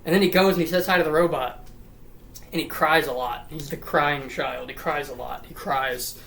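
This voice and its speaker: A woman's voice: sits low, moderate pace, vocal fry, fairly bright tone, slight background noise, rough recording. A woman rambling through a profane, comedic retelling of a story. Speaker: lore storyteller.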